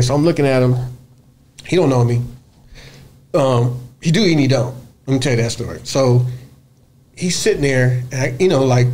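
A man who plays bass, guest on a radio interview, telling a story in a lively, profane way, acting out other people's voices and humming bass lines. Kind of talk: animated storytelling in casual interview. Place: radio studio.

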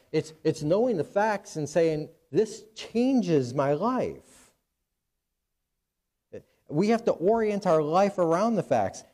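A man's voice: fairly high pitch, a little mellow. A man pastor preaching a sermon, earnest, with frequent restarts and fillers.

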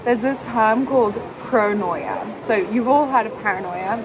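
Brief: young woman, phone-cam travel vlogger, excitable and chatty, speaking at a middling pitch with street noise clearly heard behind her. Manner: chatty and excitable, many "like"s and laughs. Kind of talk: casual travel vlog talk. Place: out and about in a city, in and out of doors. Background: street and traffic noise.

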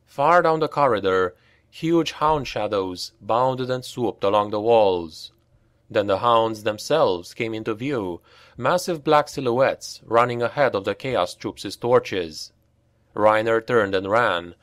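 Slow, grave male audiobook narrator. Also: medium pitch, no echo, studio quality. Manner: unhurried, grave storytelling that lifts for shouted dialogue.

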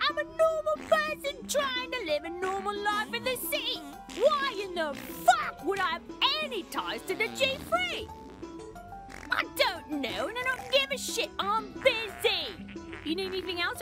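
Game role: a hostile foul-mouthed townsperson, squeaky high, loud music behind. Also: female voice, exaggerated voice. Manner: aggressive, swearing, snappish.

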